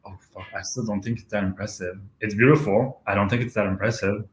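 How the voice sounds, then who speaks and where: A man's voice: on the low side, fairly even intonation, fast. A man of about thirty from France with a French accent, talking candidly as an interview guest, joking and laughing often. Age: around 30. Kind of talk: casual interview chat. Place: home kitchen. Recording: roomy home kitchen sound.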